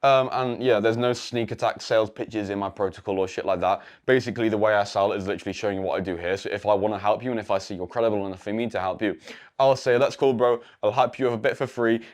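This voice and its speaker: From an indoor room lit by a projector, an English teenager who makes online coaching content runs a rambling, blunt screen-share tutorial on coaching, swearing and using slang throughout. His lowish voice keeps a steady tone at a quick pace.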